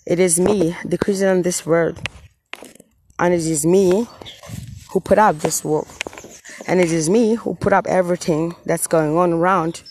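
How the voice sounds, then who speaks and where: A woman speaking as God, giving a tender, solemn message to his children in earnest, halting, repetitive phrases. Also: on the low side, steady tone, darkish tone, a little hiss or hum. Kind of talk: channelled message, spoken as God.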